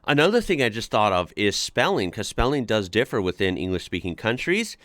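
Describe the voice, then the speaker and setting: Man from the United States, casual commentary, somewhat low voice, dry booth-like sound, filler-heavy talk. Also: big pitch swings, brisk, fairly bright tone, no room sound. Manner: chatty, frequent uh fillers, laughs at posts. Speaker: YouTube reaction host. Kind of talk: casual commentary reading forum posts aloud.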